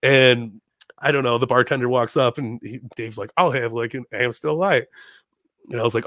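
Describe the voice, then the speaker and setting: A man telling a story in a casual chat, animated, swearing freely and acting out other people's lines in raised voices. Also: medium pitch, measured pace, no echo, clean studio sound. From Chicago. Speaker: podcast guest.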